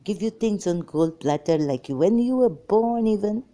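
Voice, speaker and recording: A woman's voice: mid-range voice, expressive, moderate pace, warm tone. A woman, talking in a scattered, exasperated vlog monologue that jumps between topics. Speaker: ex-Muslim vlogger. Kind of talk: rambling monologue to camera.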